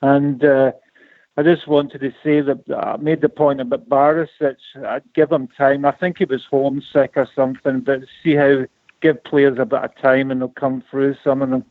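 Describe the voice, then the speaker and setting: A man's voice: medium pitch, moderate pace, no room sound. A man calling in to a fan radio show, hesitant and plain. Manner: hesitant, plain, flat delivery. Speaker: caller. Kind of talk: phone-in call. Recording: dry phone line.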